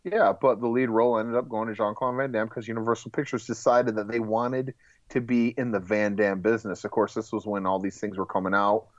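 A man co-hosting a casual movie podcast, relaxed, sharing film trivia and laughing along. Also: on the low side, brisk, no echo. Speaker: podcast co-host. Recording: dry, dull lo-fi mic.

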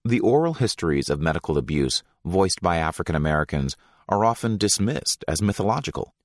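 A man reading passages from a book aloud in a measured, deliberate way, giving weight to titles and names. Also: deep voice, sing-song, no echo, studio quality.

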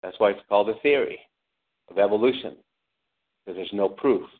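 A man preaching a sermon with lively delivery, asking the congregation questions and acting out angry cries. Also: fairly low pitch, a little fast. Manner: animated preaching, calls out to the congregation, acts out angry shouts. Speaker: pastor. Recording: tinny phone-like lo-fi sound.

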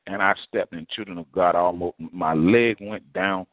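A man preaching a folksy storytelling sermon, addressed as apostle, animated and full of vivid asides. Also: deep voice, normal speed, dry recording. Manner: animated, folksy, quotes others in lively voices. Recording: tinny phone-like dry sound.

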